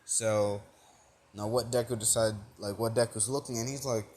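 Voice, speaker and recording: A man's voice: lowish voice, steady tone, normal speed, a little mellow, a little hiss or hum. A young man improvising a fan-fiction retelling, rambling with lots of fillers and restarts. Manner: rambling, full of "like" and "you know", restarts. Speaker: fan storyteller.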